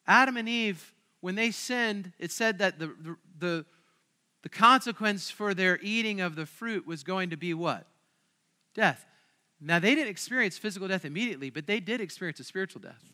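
A man's voice: sits high, bright, forceful tone. A man preaching a sermon at a church service, talking in a conversational, emphatic way and asking the crowd questions. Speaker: pastor.

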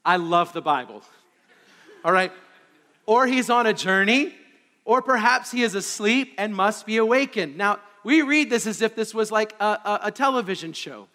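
A man preaching a sermon as pastor, swinging between loud emphasis and hushed asides and throwing rhetorical questions at the congregation. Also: high voice, lively intonation, moderate pace, in a large hall.

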